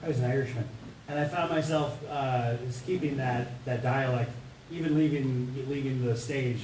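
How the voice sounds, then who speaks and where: A man actor telling an animated anecdote on a convention panel. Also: mid-range voice, normal speed, a little hiss or hum. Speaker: stage and voice actor. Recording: echoey room, distant mic, crowd.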